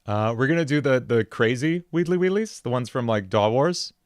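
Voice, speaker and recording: A man's voice: medium pitch, animated, moderate pace, dry recording. A man hosting a casual music livestream, talking in a rambling way with many fillers and laughing easily.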